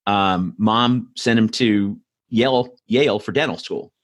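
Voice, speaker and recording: A man's voice: fairly low pitch, measured pace. A man hosting a podcast, chatting casually and telling stories in a rambling way with many fillers and restarts. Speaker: podcast host, answering questions. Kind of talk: casual chat, storytelling.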